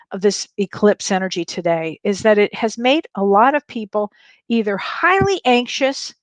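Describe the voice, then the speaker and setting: A woman's voice: mid-range voice, dry recording. A woman who is a spiritual medium, hosting a live-stream show in a casual chat style, bubbly and greeting viewers by name with frequent laughs.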